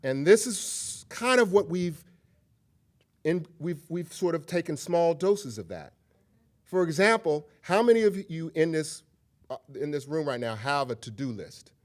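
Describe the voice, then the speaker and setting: Male guest lecturer, lively pitch, slightly high voice, casual direct address to the room. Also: a little slow. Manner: animated and conversational, addresses audience directly. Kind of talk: public lecture with storytelling.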